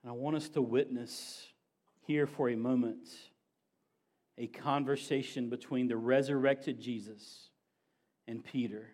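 A man preaching a sermon as pastor, building to emphatic raised passages and dropping to quiet low asides. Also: fairly even intonation, a little slow.

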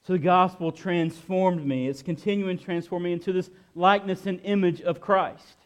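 Earnest middle-aged guy preaching, voice a bit on the high side, keeps restarting his sentences. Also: steady tone, clear, resonant tone. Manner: earnest, repeats himself, halting restarts. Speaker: pastor. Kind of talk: sermon with personal testimony.

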